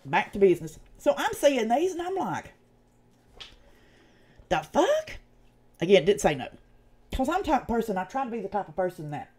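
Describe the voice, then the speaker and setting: A woman's voice: medium pitch, a little mellow. A woman with a Southern East Tennessee accent, hosting a casual livestream and ranting bluntly and profanely. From United States. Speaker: channel host.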